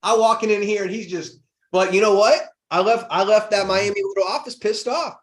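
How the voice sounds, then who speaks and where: Male guest, 30s, slightly higher voice, upbeat motivational speaker. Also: a little fast. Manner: energetic, motivational, rhetorical questions. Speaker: podcast guest. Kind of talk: motivational interview talk.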